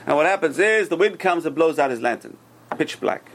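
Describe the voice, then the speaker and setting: A man teaching a Torah class, telling stories in an animated way and swinging between loud and hushed delivery. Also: a little high, a little fast, a little hiss or hum. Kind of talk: storytelling sermon.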